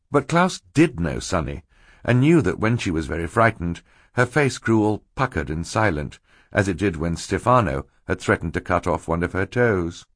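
Low-voiced male narrator, dry and ironic, with lively intonation, recorded close and dry. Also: no room sound. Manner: wry, dryly ironic storytelling. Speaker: audiobook narrator. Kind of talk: scripted narration.

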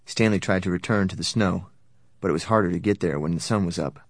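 A man narrating a novel in a steady, even storytelling voice that sits low. The recording is dry and close, with no room around it. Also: fast, no room sound. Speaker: audiobook narrator. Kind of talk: scripted narration.

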